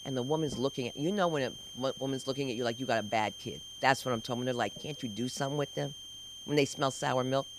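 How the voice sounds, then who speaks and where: A middle-aged woman doing stand-up at an open mic, telling loud, animated stories with sudden shouts. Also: rumbling low, fast talker, few pauses, background noise. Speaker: stand-up comic. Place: comedy club stage.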